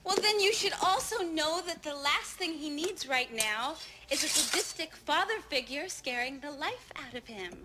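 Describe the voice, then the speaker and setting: A firm protective teacher. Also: female voice, sits high, lively intonation, moderate pace, hardly any pauses, heavy background noise. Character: protective woman school teacher, firm and indignant.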